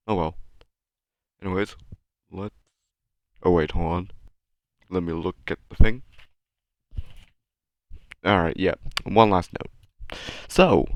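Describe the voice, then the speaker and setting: A young man with a low voice hosts his channel, rambling through casual, sarcastic, self-deprecating commentary over his own animation. He's a little sick and coughs now and then, and the sound is dry and close with no room echo.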